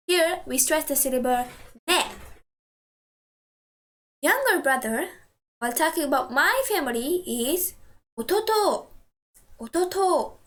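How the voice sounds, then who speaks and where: A woman teaching a language lesson, patiently saying each word twice and slowly for practice. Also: high-pitched, fairly bright tone.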